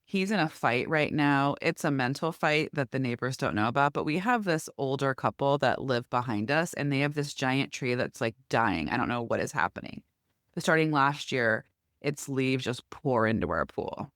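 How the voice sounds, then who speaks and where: A middle-aged woman co-hosting a podcast, telling a long story in a lively, chatty way. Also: extremely low pitch, normal speed, dry recording, studio quality. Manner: lively storytelling, acts out quoted neighbors. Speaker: podcast co-host. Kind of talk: casual chat.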